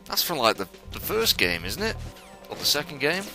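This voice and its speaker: A young man commentating a stealth video game for viewers, excitable and swearing as he plays. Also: fairly high pitch, moderate pace. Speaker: gamer playing a stealth game. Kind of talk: let's play commentary. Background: game music.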